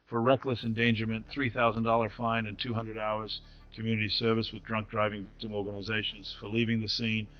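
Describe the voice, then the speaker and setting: A man's voice: lowish voice, little pitch movement, a little fast, hardly any pauses. Man narrating a dramatic story. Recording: slightly dull audio with faint music.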